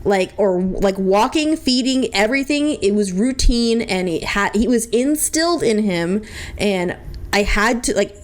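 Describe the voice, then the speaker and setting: A woman streamer chatting casually while reacting to videos, rambling into tangents with stumbling restarts and some swearing. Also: medium pitch.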